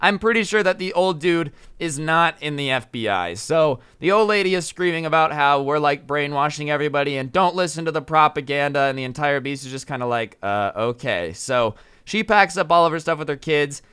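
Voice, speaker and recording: A man's voice: fairly high pitch, brisk, hardly any pauses, fairly bright tone, clear, resonant tone. A young man, a YouTuber, casually telling a story with many fillers and an amused tone. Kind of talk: storytime vlog.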